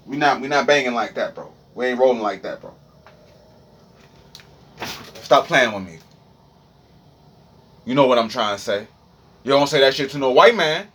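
High-voiced rambling man with a D.C. accent. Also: normal speed, pauses often, breathy edge. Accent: Washington, D.C. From Washington, D.C. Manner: rambling, profane, animated. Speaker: streamer. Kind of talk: rambling freestyle monologue.

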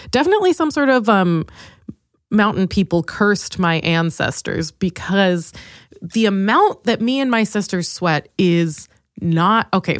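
A woman in her twenties hosting a comedic solo podcast, swearing freely and laughing at herself in an animated rush. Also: mid-range voice, no echo, studio quality. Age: 20s. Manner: profane, self-mocking, animated, laughs a lot. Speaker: podcast host.

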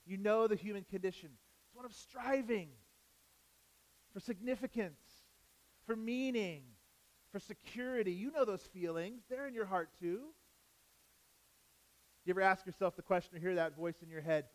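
A man preaching a sermon, repeating key phrases for emphasis and asking the congregation rhetorical questions, swinging between loud emphatic lines and soft low asides. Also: normal speed, long pauses, poor audio. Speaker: pastor.

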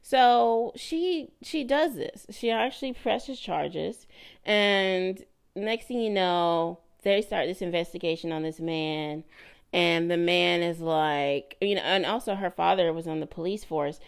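Gravelly-voiced woman telling a story. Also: on the low side, measured pace. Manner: animated, laughing, mimics voices in quoted lines. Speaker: podcast host. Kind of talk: casual storytelling.

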